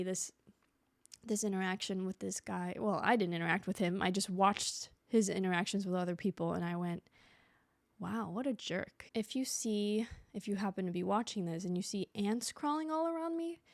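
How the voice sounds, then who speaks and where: A young woman talks through her own stories on a solo podcast. She chats casually, breaks off and restarts often, and does voices for the people she quotes. Her medium-pitched voice sits close to the mic in a dry room. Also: darkish tone, dry recording. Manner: chatty storytelling with quick restarts and quoted voices. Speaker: podcast host. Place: home room.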